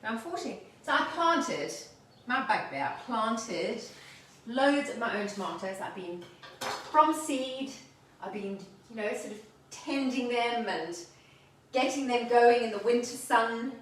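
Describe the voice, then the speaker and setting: A woman's voice: a little high, lively intonation, a little slow, slight background noise. A woman hosting a casual home cooking demonstration, chatting cheerfully as she works. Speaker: cooking show host. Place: home kitchen. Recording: echoey room, mic far off.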